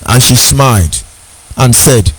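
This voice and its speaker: A man's voice: mid-range voice, slow, husky, dry recording, rough recording. A Nigerian man giving an impassioned speech, stressing his points by repeating questions and phrases. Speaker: speaker.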